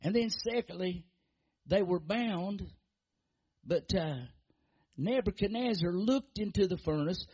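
A man preaching a sermon in a rhythmic, repetitive style, pushing his emphasis up and dropping it low. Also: animated, slow pace, long pauses, a little mellow, highs cut off, a little hiss or hum.

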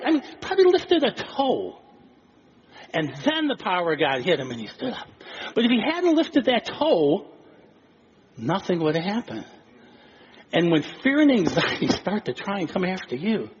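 A man preaching a sermon in an animated way, acting out quoted voices with chuckles. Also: high voice, normal speed, pauses often, muffled recording, a little hiss or hum. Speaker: pastor.

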